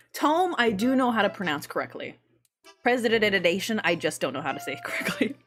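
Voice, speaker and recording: A woman's voice: medium pitch, sing-song, normal speed, a bit bright, soft background music. A young woman chatting casually on a livestream, giggly and talkative, laughing often between her words. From raised in an English-speaking country by a Korean mother.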